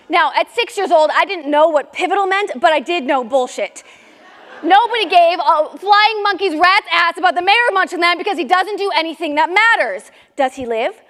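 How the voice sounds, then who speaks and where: Middle-aged woman, high voice, comic and indignant memoir monologue, live stage with long reverb. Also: moderate pace. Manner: comic, indignant, lively storytelling. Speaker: memoir performer. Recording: reverberant hall.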